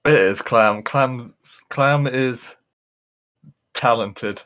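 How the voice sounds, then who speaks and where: A man's voice: medium pitch, drawn-out words, fairly bright tone. A man casually commentating a live speedrun race, joking and chatty with frequent laughs.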